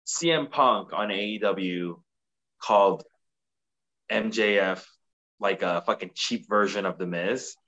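A man recapping wrestling in casual podcast chat, profane and animated, acting out quotes. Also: fairly low pitch, slow pace, pauses often, muffled recording. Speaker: podcast co-host.

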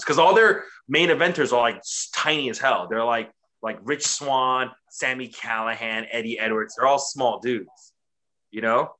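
Animated, bright-voiced man, cursing casually. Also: mid-range voice, moderate pace. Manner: profane, animated, mocking impressions. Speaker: wrestling podcast co-host. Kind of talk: casual chat.

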